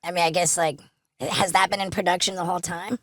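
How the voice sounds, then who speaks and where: A man's voice: sits high, little pitch movement, fast, a bit bright, no room sound. A man hosting a casual podcast, brash and joking, swearing freely. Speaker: podcast host.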